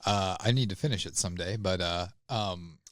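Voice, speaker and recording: A man co-hosting a podcast, talking casually and haltingly with many restarts. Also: low-pitched, no room sound, clean studio sound. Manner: hesitant, with many fillers and restarts. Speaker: podcast co-host. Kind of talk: casual chat.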